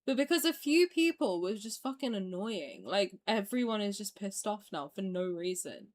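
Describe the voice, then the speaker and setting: A woman's voice: medium pitch, expressive, normal speed, darkish tone. A young woman streamer ranting in a heated, profane, exasperated way during a casual reaction video.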